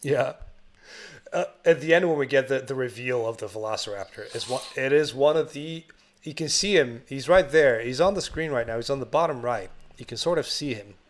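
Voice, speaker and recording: A man's voice: medium pitch, fairly quick. Rambling man recapping a film. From Bulgaria. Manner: rambling, laughing recaps full of fillers. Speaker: podcast co-host. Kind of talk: casual chat.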